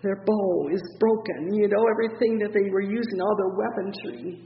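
A preacher giving a fervent sermon on a psalm, reading scripture in slow, drawn-out phrases and repeating praise between the verses. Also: mid-range voice, fairly even intonation. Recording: dull, echoey hall recording with faint hiss.

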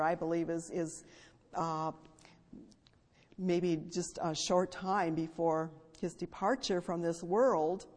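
Woman preaching a sermon, long reverb. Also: on the low side. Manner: earnest, rising to fervent then hushed.

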